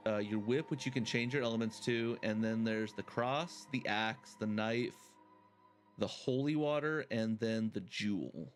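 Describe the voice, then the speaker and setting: A man giving casual, chatty commentary while playing a video game, thinking aloud and laughing often. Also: mid-range voice. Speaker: game streamer. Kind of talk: casual let's-play commentary.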